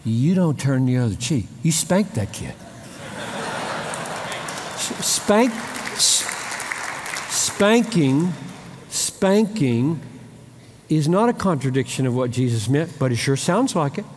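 Animated preacher man in a reverberant hall. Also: fairly high pitch, takes it slowly, long pauses, some chatter behind, slight background noise. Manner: animated, acts out little dialogues with shifting voice. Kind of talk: sermon.

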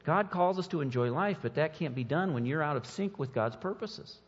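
A male pastor delivers a sermon with a lively, swooping delivery and a slightly husky, higher-than-usual voice. He acts out mocking quotes now and then. The recording is dull and lo-fi, with a long reverb from the church around him. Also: a little fast. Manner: animated preaching with mocking put-on quotes.

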